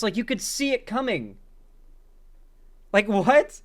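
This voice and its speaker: A man's voice: sits high, animated, slow. Profane, incredulous male reaction commentator. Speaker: political commentary host.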